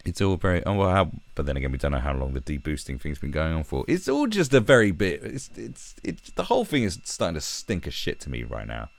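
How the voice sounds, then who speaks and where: A man's voice: rumbling low, huge pitch swings, fairly quick, vocal fry, few pauses, no echo. A man delivering a sweary, sarcastic ranting commentary, with mocking put-on voices. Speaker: commentary vlogger.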